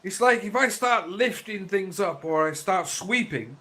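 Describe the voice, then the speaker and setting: A man in his fifties tells rambling, sweary stories in casual chat. His voice sits high and sounds bright and sharp. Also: expressive, a little slow. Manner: sweary, complaining, storytelling. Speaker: regular on a live chat show.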